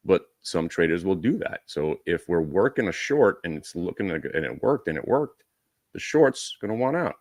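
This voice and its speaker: A man's voice: fairly low pitch, no room sound. A man hosting a live stock trading room, coaching viewers directly on entries and stops with wry asides. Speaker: day trading host.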